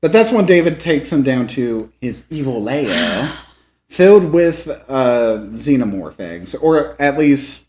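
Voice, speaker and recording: Young man, podcast co-host, casual film chat, medium pitch, relaxed. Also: takes it slowly. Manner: relaxed, recaps scenes with quoted lines.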